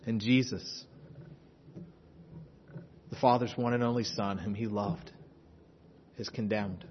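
A man's voice: lowish voice, fairly even intonation, slow, highs cut off, a little hiss or hum. Impassioned preacher man in a reverberant hall. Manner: impassioned, swings from loud urgency to hushed intensity. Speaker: pastor. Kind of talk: sermon.

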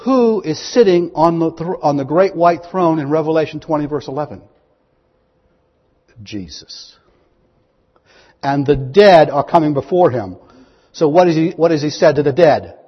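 A man preaching a sermon, reading scripture aloud and asking his listeners questions, rising to loud, high proclamations. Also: normal speed, pauses often. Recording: dull, long-echo hall recording.

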